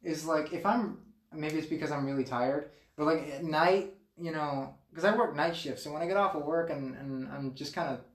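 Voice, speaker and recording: Podcast co-host, male, slightly higher voice, loose rambling delivery, roomy echo. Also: normal speed. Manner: rambling, laughs often. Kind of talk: casual chat.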